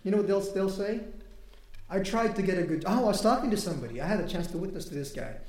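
A man's voice: high voice, lively intonation, fast, darkish tone. A man giving a conversational sermon, telling a personal story and quoting people. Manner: conversational, quotes people, laughs between points. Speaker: preacher. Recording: echoey room.

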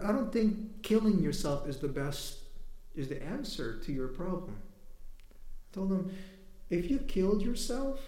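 A man's voice: fairly high pitch, dark tone. A man giving a conversational sermon, telling a personal story and quoting people. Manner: conversational, quotes people, laughs between points. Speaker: preacher. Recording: echoey room.

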